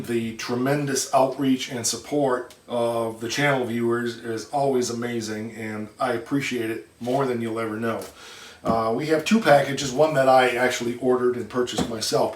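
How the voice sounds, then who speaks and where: A man from northern Michigan hosting his car shop channel, chatting in a folksy, rambling way as he unboxes parts. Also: medium pitch. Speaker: shop owner and channel host. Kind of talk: casual chat while unboxing. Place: shop or barn workshop. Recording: echoey shop, mic at a distance, noisy.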